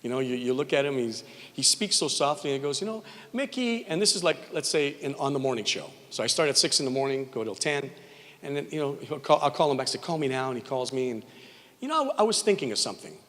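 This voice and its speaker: A man from Montreal, a radio morning show host, speaks at a mid pitch. He gives an informal, rambling tribute speech full of jokey stories and acts out quoted voices. His voice rings with the long reverb of a large hall. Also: quick pace, a bit bright. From Montreal, Canada.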